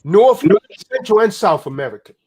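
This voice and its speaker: High-voiced man on a profane rant. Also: sing-song, moderate pace, slightly rough. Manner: profane, preaching, repeats "man" often. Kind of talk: heated political rant.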